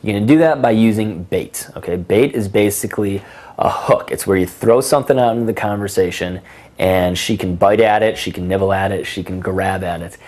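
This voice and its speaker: A man's voice: on the low side, fairly quick, darkish tone. A young adult man coaching in a conversational, emphatic way, with frequent casual fillers. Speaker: dating coach. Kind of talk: instructional talk.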